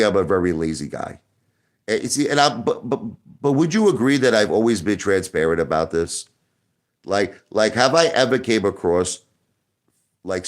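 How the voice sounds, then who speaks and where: A man hosting a casual online show, talking defensively to his viewers and stumbling over repeated words. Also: low-pitched. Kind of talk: casual livestream talk to viewers.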